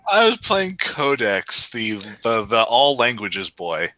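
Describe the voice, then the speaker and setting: A man who is a guest on a podcast, chatting casually and halting, with stumbling restarts. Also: mid-range voice, very animated, bright, forceful tone, dry recording. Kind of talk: casual chat.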